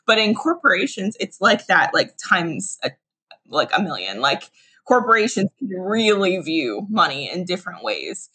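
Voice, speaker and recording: A woman's voice: on the low side, very animated, moderate pace, pushed and bright, low-quality recording. A woman talking casually on a podcast, chatty, with many filler words and restarts. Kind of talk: casual conversation.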